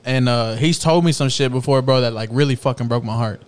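A man's voice: medium pitch, brisk, clean tone. A man with a Texan accent speaking earnestly in a casual podcast chat, swearing casually. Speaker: podcast co-host.

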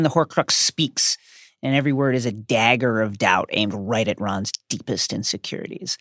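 Male co-host, animated essay reader with a lively pitch, close dry mic. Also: moderate pace, dry recording. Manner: animated, emphatic reading. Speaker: podcast co-host. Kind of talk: reading a prepared essay on a book.

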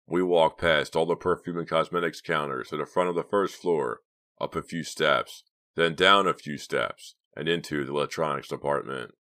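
A man's voice: rumbling low, normal speed, pushed and bright, no echo, studio quality, heavily acted. A man voicing an impatient, bossy teenage boy who talks in a curt, exasperated way.

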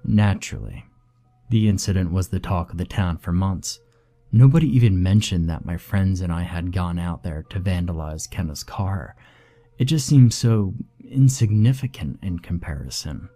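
A man narrating a horror story in a grave, measured first-person telling. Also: deep voice, dark tone. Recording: faint background music.

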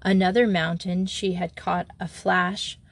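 A woman narrating a children's story in a measured reading voice. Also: on the low side, level tone. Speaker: audiobook narrator. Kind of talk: scripted narration.

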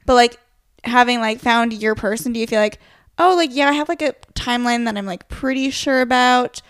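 A woman's voice: on the high side, steady tone, brisk, a bit bright, clean tone, no echo, studio quality. A young woman in her twenties chatting with friends, giggly and curious, asking questions with plenty of "like". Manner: giggly, inquisitive, many "like"s. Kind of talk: casual chat among friends.

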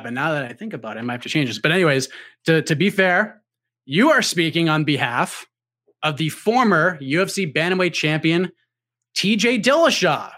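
A man's voice: a little high, fairly bright tone. A man moderating a casual podcast, running it with upbeat game-show pacing.

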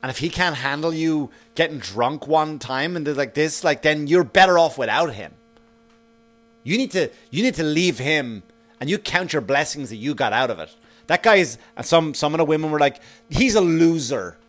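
A man hosting his own podcast, telling a story in a casual, profane, animated monologue. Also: fairly high pitch, moderate pace. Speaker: podcast host.

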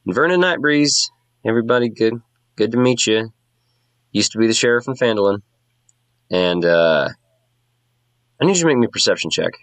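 Casting: gruff ex-sheriff woman, curt and offhand, read by a man. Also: on the low side, lively intonation, normal speed, pauses often, a bit bright, dry recording, voice pushed up. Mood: brisk. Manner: blunt, offhand. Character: gruff former woman sheriff, blunt and tired.

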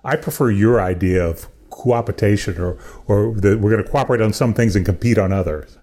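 A male host with a low, mellow voice. He sets up his questions thoughtfully and at length, in a slightly husky tone. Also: fairly quick. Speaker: podcast host. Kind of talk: interview questions.

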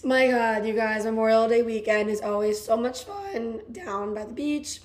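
Hoarse young woman gushing in casual chat. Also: on the high side, moderate pace, a little mellow. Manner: bubbly, gushing, many "like"s. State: hoarse, voice worn out. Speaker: podcast co-host.

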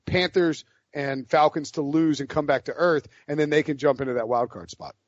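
A man's voice: fairly high pitch, normal speed, no room sound. A man from the American South hosting a sports betting podcast, loose and joking in casual chat. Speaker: podcast host. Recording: dry dull lo-fi podcast audio.

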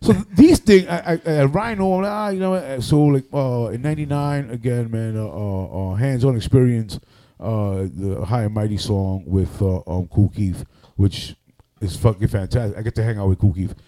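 A man, a radio personality and MC, telling loud, animated stories on a podcast and swearing often. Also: fairly low pitch, normal speed. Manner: animated, loud, acts out other people's voices, swears often. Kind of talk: casual storytelling on a podcast.

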